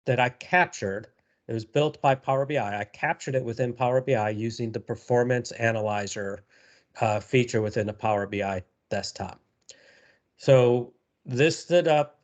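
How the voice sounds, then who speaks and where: A man presenting a live software tutorial, talking casually with many fillers and repeated words. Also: mid-range voice.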